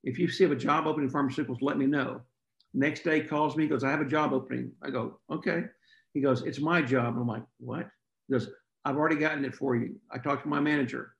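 Gravelly man telling a story. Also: medium pitch, fairly even intonation, echoey room, highs cut off. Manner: folksy, drawn-out storytelling with throat clearing. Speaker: podcast guest. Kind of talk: storytelling interview chat.

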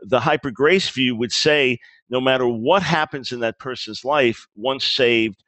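A man's voice: medium pitch, measured pace, a bit bright, no room sound. Earnest man explaining in a dry close sound. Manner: earnest, explanatory, restarts phrases, quotes dialogue. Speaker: author being interviewed. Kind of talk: conversational interview.

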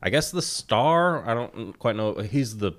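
A man's voice: mid-range voice, expressive, a little slow. A man co-hosting a casual recap chat, loose and joking, laughing often. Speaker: podcast co-host.

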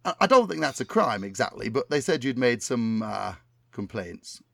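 A man's voice: mid-range voice, sing-song, normal speed, creaky, dry recording, clean studio sound. A man doing an impression of a middle-aged northern English entertainer with a Bolton accent, rambling in a chummy, oblivious way.

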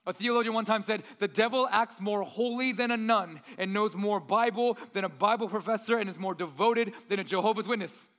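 A young male pastor delivers a relaxed, conversational sermon and slips into other voices to act out the tempter. His voice sits high for a man. The room carries a long church-hall reverb. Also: a little fast, hardly any pauses. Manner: conversational preaching, acts out tempter's voice.

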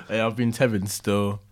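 A young man on a podcast video call, firing off quick, mocking retorts. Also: medium pitch, noisy background. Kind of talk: casual banter.

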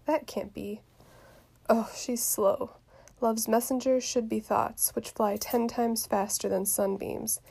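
A woman reading the part of an impatient lovesick teenage girl aloud from a play, quiet and soft with some words whispered. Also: on the high side, steady tone, slow, creaky, slightly rough, full character voice. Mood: eager.

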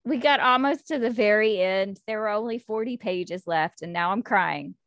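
A woman's voice: medium pitch, moderate pace, a bit bright, no room sound. A woman co-hosting a casual book discussion, retelling scenes with emotional, gushing enthusiasm. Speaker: book podcast co-host.

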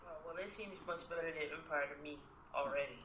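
A woman's voice: low-pitched, quick pace, reverberant, background noise. A woman co-hosting a podcast in a laid-back, slangy casual chat. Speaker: podcast co-host.

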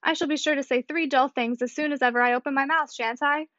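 A woman reading aloud gives voice to a fluttering, chattering older spinster, eager to please everyone. Her voice sits high. The recording is dull and dry. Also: fairly even intonation, fast, fairly bright tone, dry recording. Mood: flustered.

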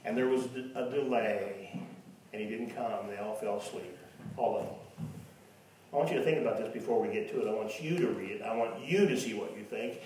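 A man's voice: a little fast, a little mellow, slight background noise. A man preaching a sermon, sometimes mocking imagined doubters in a raised voice, recorded in a church. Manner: mocks imagined doubters in a high voice. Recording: echoey hall from far off.

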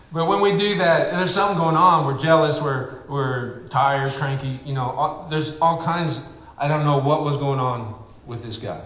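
A man preaching a sermon with excitable energy, swinging from shouting to quiet asides. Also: mid-range voice. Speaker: pastor. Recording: echoey room.

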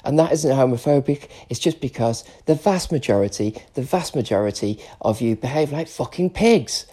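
A man's voice: mid-range voice, animated, moderate pace, hardly any pauses, dark tone. A British man in his forties, tearful and emotional, ranting in an unscripted solo podcast monologue and swearing often. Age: 40s. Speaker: podcast host.

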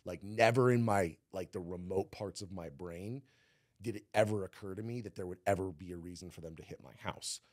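This interviewee, formerly a cannabis cultivator, has a low voice and talks a little fast, telling a rambling casual story stuffed with "like" and a few swear words. Clean studio sound, no echo.

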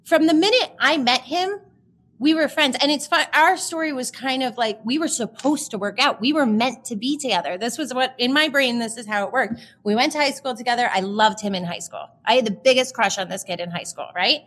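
A woman's voice: fairly high pitch, fairly quick, a bit bright. A woman in her thirties telling her personal story as a podcast guest, chatty and emotional, with many fillers.

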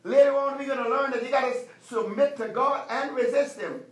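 A male pastor preaching a sermon, emphatic, repeating commands and slowing down to stress them. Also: very high voice, fairly bright tone, roomy sound, distant mic, rough recording.

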